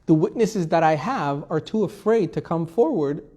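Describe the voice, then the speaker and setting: A male rabbi teaches a weekly Torah class in a relaxed, conversational way. His voice sits fairly high for a man, and he weaves Hebrew quotations into his storytelling. He often poses a question to the room and then answers it himself. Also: moderate pace.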